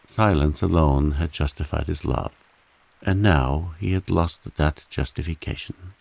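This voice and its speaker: A man calmly and softly reading a bedtime story aloud, meant to soothe listeners to sleep. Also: extremely low pitch, unhurried, vocal fry. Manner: calm, softly spoken. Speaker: audiobook narrator.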